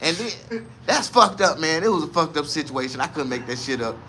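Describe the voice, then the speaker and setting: A man from the South, telling a comedic story in a casual, profane, animated way. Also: fairly high pitch, a little fast, slight background noise. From American South.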